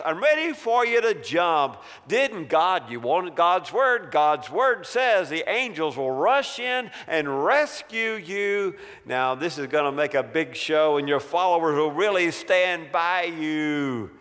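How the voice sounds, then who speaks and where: A man's voice: fairly high pitch, animated, slow, hardly any pauses, in a large hall. A man voicing a sly male devil who coaxes and mocks as he tempts, in a sermon. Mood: taunting. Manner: mocking, wheedling, counts out loud.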